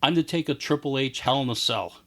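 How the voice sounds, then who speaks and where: A man's voice: mid-range voice, fairly quick, bright, forceful tone. Man recounting events in casual chat. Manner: enthusiastic, recounts events in detail. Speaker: guest.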